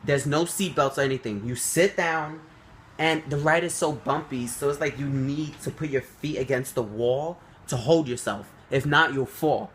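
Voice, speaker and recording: A young man telling a story to the camera, animated and swearing freely, acting out quotes. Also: normal speed, slight background noise. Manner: animated, swears freely, acts out quotes with big jumps up in pitch. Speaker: vlogger.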